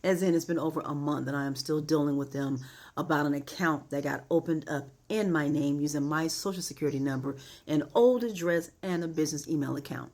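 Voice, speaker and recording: Woman, middle-aged, low-ish voice, casual vlog rant, emphatic, exasperated. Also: a little fast, a little mellow. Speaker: vlogger. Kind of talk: casual ranting monologue.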